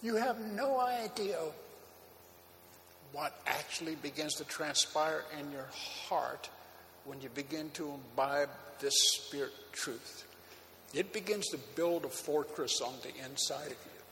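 A man preaching from the pulpit with a high, bright, forceful voice that rings through a large hall. He tells his story loosely and animatedly, with a faint room hum behind him. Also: measured pace. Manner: animated storytelling with frequent laughter and fillers. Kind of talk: sermon with personal testimony. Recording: long hall reverb, faint background ambience.

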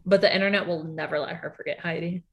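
A woman co-hosting a casual recap chat, talking fast and loosely with many fillers and acted-out quotes. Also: on the low side, vocal fry. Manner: chatty, filler-heavy, animated quoting. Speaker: podcast co-host.

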